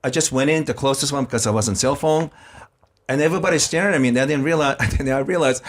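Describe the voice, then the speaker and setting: A man's voice: medium pitch, fast talker. A man from Japan with a Japanese accent, a podcast co-host telling comic stories casually and laughing through them. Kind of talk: casual comedic storytelling.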